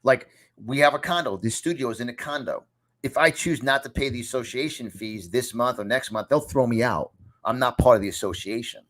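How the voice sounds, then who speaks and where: A man's voice: medium pitch, fairly quick, a bit bright. A man in his fifties with a New York accent gives a motivational talk as a podcast host, repeating key lines in an emphatic, punchy, preacher-like delivery from a home studio. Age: 50s. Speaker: podcast host and success coach.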